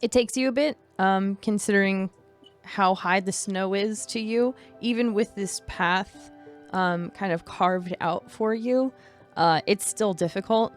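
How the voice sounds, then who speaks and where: A woman's voice: mid-range voice, measured pace, soft background music. Laid-back woman running a tabletop game. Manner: relaxed, many fillers, casual swearing. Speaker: game master. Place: home in California.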